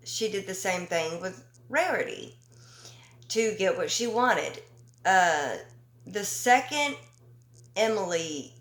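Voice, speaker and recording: A woman giving casual opinion commentary, talking slowly and emphatically with an indignant edge and many ums and pauses. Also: lowish voice, a bit bright, echoey room. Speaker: commentary YouTuber.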